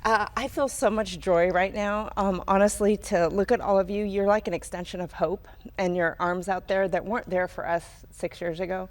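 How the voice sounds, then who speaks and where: A middle-aged woman speaking as a guest at a live town hall, earnest and halting, with many pauses and ums. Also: mid-range voice, flat delivery. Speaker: guest, mother of a survivor.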